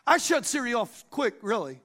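A man's voice: big pitch swings, moderate pace, a bit bright. A man preaching in church, joking with the congregation and calling for responses. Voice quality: high voice for a man. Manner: preaching with call-and-response and jokes. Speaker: pastor. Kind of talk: sermon. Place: church sanctuary.

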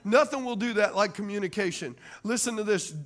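A man's voice: high-pitched, fairly quick, a bit bright. A man, preaching a sermon as pastor and calling to the congregation for amens and agreement. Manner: call-and-response preaching, asks the crowd for amens.

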